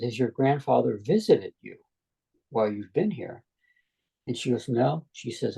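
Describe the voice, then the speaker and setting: Gravelly, husky middle-aged man telling a story. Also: mid-range voice, dark tone, rough recording. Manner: retells dialogue at length, quoting others. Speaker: guest. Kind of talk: conversational storytelling.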